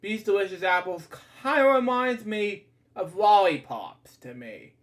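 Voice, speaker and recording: Slow, high-voiced man reading a storybook. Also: expressive. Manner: stumbling, chatty, breaks off to comment and apologize. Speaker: storybook reader. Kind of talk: casual read-aloud of a children's book.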